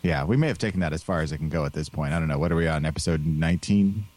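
Low-voiced guy hosting a podcast, rambly, laughs a lot. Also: racing, a little mellow. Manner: rambling, laughs often, many restarts. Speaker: podcast host. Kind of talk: casual chat.

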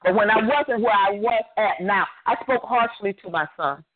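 A woman's voice: medium pitch, moderate pace. An older woman preacher delivering a fervent sermon over a phone call, driving her points home with emphatic repetition. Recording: tinny phone line.

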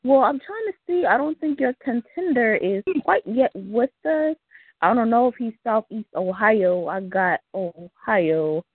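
A woman's voice: on the high side, animated, unhurried, breathy edge, no room sound. A woman hosting a casual live call-in radio show, upbeat and laughing often, using loose slang. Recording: tinny phone-like call audio.

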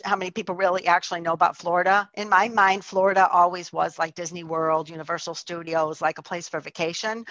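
A woman's voice: fairly low pitch, a bit bright, no echo, dull audio. A woman telling a personal testimony in a chatty way, full of likes and restarts. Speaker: storyteller.

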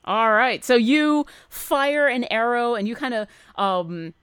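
A woman's voice: fairly high pitch, animated, slow, a bit bright, smooth, no room sound. Easygoing woman game master. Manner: easygoing, with many fillers. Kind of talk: narrating a tabletop game.

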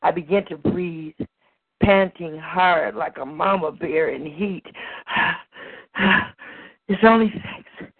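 A woman performing spoken word poetry at an open mic with a slow, rhythmic, rhyming delivery. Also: sits low, slightly rough, dry recording. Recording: tinny phone-like recording.

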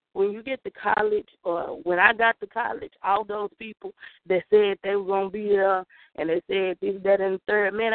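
A woman's voice: mid-range voice, dry recording. A young woman from the Southern US with a Southern accent, calling in to give an emphatic, preacher-style testimony. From Southern United States. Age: young adult. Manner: emphatic, preacherly, talks straight to listeners. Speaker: caller. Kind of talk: spoken testimony on a call-in show. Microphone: phone call. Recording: tinny phone line, dry.

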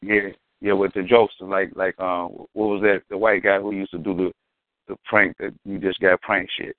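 A man's voice: low voice, level tone, normal speed, no echo. A man talking in a casual, slangy, emphatic way and telling stories as a co-host. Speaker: podcast co-host. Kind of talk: casual chat. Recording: dry, phone-like lo-fi sound.

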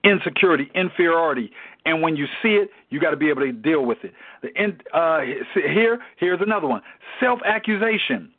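A man's voice: a little high, lively intonation, a little fast. A man leading a Bible study in a preaching style, emphatic and repetitive in his exhortations. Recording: tinny phone-like sound.

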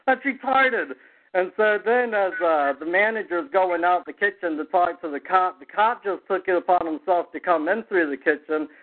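A man with a high voice spins a story among friends and slips into the voices of the people in it. The sound is thin and phone-like. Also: moderate pace, few pauses. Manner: animated storyteller acting out quoted voices. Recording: tinny phone-like podcast audio.

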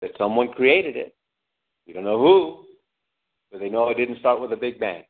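A man preaching a sermon with lively delivery, asking the congregation questions and acting out angry cries. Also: medium pitch, normal speed. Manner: animated preaching, calls out to the congregation, acts out angry shouts. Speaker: pastor. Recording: tinny phone-like lo-fi sound.

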